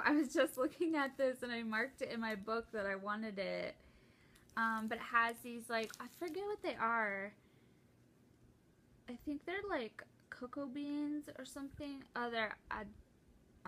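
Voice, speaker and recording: A young woman chatting casually and excitedly while opening a gift at home, rambling with lots of fillers and restarts. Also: fairly high pitch, a little hiss or hum. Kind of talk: casual unboxing chat.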